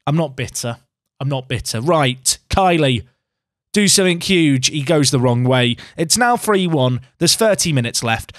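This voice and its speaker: A man's voice: a little high, a bit bright, no echo, clean studio sound. A young man giving casual, self-mocking commentary on a game he is playing and talking back to it. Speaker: gaming YouTuber.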